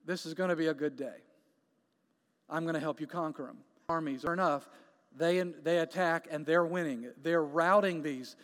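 Preacher, male, high-pitched, emphatic and repetitive, long hall reverb. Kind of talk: sermon.

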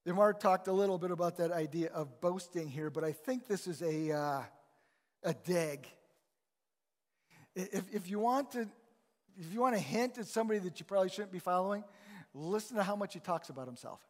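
A man's voice: sits high, lively intonation, normal speed. A male pastor preaching a sermon in a conversational, emphatic way in a church. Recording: long reverb of a large hall.

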